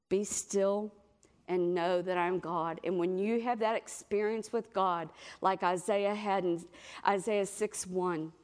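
A middle-aged woman preaching a sermon, telling stories in a lively way and acting out the voices of the people she quotes. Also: mid-range voice. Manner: animated storytelling, acts out quoted voices.

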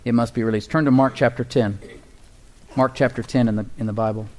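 Man, pastor, sermon, emphatic, rhetorical questions, mid-pitched voice. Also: steady tone, a little fast. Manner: emphatic, rises high for quoted cries and drops low and soft for stillness; asks the congregation questions.

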